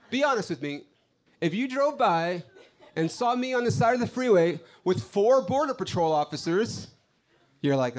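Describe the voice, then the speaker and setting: A male stand-up comedian telling a story on stage, animated and exasperated, bursting into shouts. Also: on the high side, a little fast. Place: stage before a live audience.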